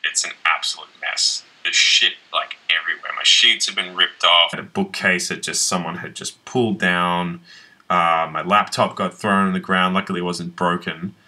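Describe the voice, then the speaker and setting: A man's voice: deep voice, fairly even intonation, normal speed, pushed and bright, full character voice, low-quality recording. An actor playing a young man on a date, telling a rambling, profane story about his wrecked room. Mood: rueful. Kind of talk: conversational web-series acting.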